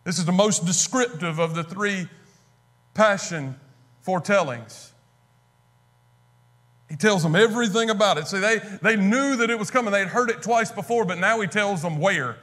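Man, high voice, preacher, conversational sermon, acts out quotes. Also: moderate pace, fairly bright tone.

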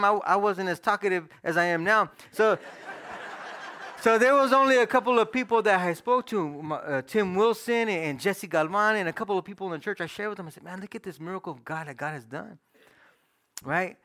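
A middle-aged man preaching a personal testimony in casual, slang-filled storytelling that swings between loud and hushed. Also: sits high. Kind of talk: sermon testimony.

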